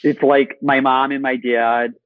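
A man doing a flat-voiced Michigan guy. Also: mid-range voice, measured pace, no room sound, close to an everyday voice, rough recording. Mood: teasing. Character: plain-spoken Michigan man.

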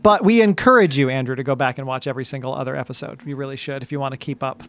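A man's voice: medium pitch, very fast, a bit bright. A man hosting a podcast in casual chat, talking freely and laughing often. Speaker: podcast host.

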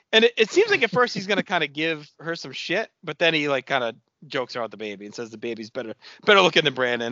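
A man co-hosting a podcast, chatting casually as he recaps a TV episode in a relaxed, filler-heavy way. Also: mid-range voice, no room sound, muffled recording. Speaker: podcast co-host.

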